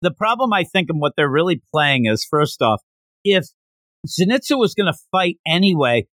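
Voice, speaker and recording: A man hosting a podcast, recapping a comic in an animated, rambling casual chat. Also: a little high, moderate pace, no room sound. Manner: animated, rambling retelling with lots of fillers. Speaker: podcast host.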